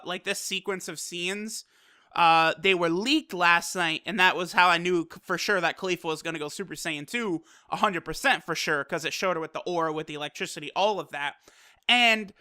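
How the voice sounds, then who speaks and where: An excitable anime reviewer talking casually, swearing often and padding sentences with fillers. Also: medium pitch, clear, resonant tone. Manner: excitable and profane, with loose fillers.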